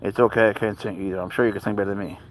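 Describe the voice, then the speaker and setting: A man's voice: lowish voice, fairly even intonation, rapid-fire, poor audio. A man hosting a casual live stream with his pet cat, reading viewers' comments and chatting in a rambling, easygoing way, sometimes slipping into baby talk.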